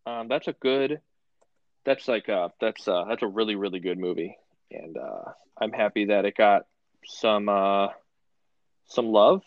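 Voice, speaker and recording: A man's voice: lowish voice, expressive, unhurried, no room sound. A young man co-hosting a podcast, chatting casually with dry, offhand remarks. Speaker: podcast co-host. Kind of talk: casual chat. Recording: dry, dull lo-fi audio.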